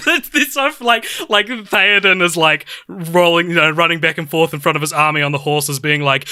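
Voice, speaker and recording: A man co-hosting a podcast in casual film chat, excitable and laughing, with lots of "like" fillers. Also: a little high, moderate pace, dry recording, studio quality. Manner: excitable, laughing, heavy use of "like". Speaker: podcast co-host.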